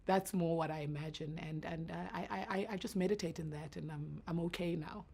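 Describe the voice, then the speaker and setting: A woman in her thirties with a naturally deep voice, talking earnestly and reflectively as a guest in an interview. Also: fairly even intonation, fairly quick, vocal fry, darkish tone, slightly rough. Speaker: entrepreneur guest. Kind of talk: emotional interview answers.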